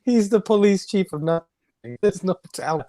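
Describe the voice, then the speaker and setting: A man with a slightly high voice chats casually as a guest. He mostly offers brief remarks and agrees with laughter. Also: normal speed, warm tone. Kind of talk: casual podcast chat.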